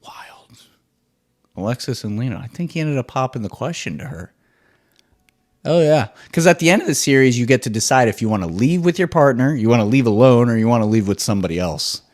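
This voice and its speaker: A man hosting his own podcast, ranting solo in an excitable, profane, rambling way. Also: mid-range voice, fast. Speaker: podcast host.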